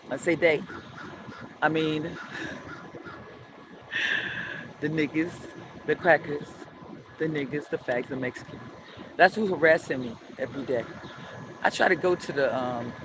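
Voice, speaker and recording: Speaking in a low voice at normal speed with long pauses, a middle-aged woman from New Orleans vents angrily and with plenty of profanity. She's a street vlogger filming a live stream on her phone outside at dawn, telling her story with animation and bursts of sing-song chanting while loud city traffic rumbles around her.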